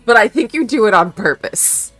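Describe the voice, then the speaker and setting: A woman's voice: mid-range voice, animated, moderate pace, fairly bright tone, soft background music. A young woman streamer chatting casually with her chat, rambling, giggling often and swearing offhand.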